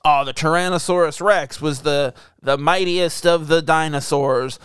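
A man with a fairly high, smooth, clear voice, talking in a dry, deadpan way and drawing out his musings. He swears casually, and he is recorded up close in a dry room. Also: normal speed, no room sound. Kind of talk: casual banter.

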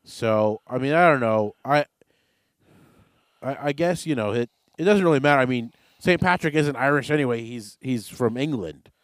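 A man co-hosting a podcast, talking in an offhand, rambling way with jokes. His voice sits at an ordinary middle pitch. The sound is dry and close. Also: normal speed, no room sound. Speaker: podcast host. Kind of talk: casual podcast chat.

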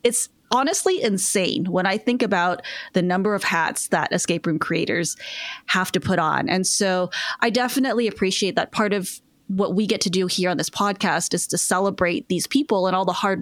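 A woman co-hosting a podcast, speaking in an animated, enthusiastic way. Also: on the low side, moderate pace, no echo, clean studio sound. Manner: animated and enthusiastic, laughs easily. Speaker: podcast co-host. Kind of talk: casual podcast conversation.

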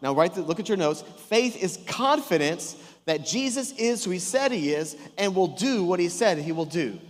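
A man's voice: sits high, animated, normal speed, in a large hall, faint music behind. A male pastor preaching a sermon with emphatic call-and-response questions and joking asides, sounding a little sick. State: sick, voice strained. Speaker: senior pastor. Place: church auditorium stage.

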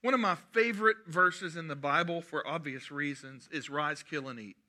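A man preaching with lively energy and playful asides. His voice sits a little high and rings bright and forceful. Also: normal speed. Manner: animated preaching with humorous asides. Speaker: pastor. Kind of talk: sermon.

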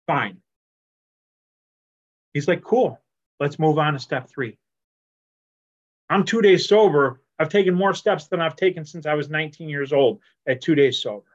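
A man speaking at a recovery meeting in a casual, animated storytelling style, acting out the conversations he tells. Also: a little high. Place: at home on a video call. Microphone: computer mic on a video call. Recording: lo-fi video call audio.

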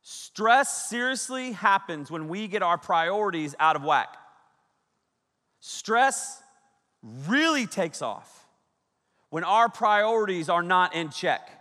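A man in his thirties, a youth pastor preaching a sermon, telling stories with animated energy, shouting out quoted lines and laughing often. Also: high voice, slow. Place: large hall with a big audience. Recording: echoey hall with long reverb.

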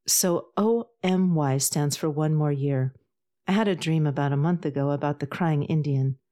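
An earnest, sensitive young woman pleading for the planet in a spoken storybook, patient but passionate, as a woman reader puts her on. Her voice sits low. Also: normal speed, warm tone, natural voice.

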